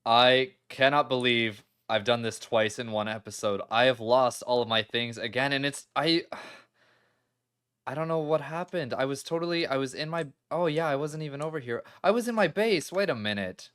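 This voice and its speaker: Male let's-play host, smooth, resonant, mid-pitched voice, chatty and quick to exclaim to viewers. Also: fairly bright tone. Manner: chatty, exclaims and laughs readily, talks straight to viewers. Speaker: gaming video creator. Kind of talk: casual let's-play commentary.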